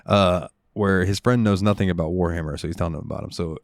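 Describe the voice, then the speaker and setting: A man's voice: sits low, quick pace, gravelly, dry recording, clean studio sound. A young man co-hosting a gaming podcast, telling stories in a loose, rambling way with lots of fillers. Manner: rambling storyteller, lots of ums and likes. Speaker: podcast co-host. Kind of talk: casual chat.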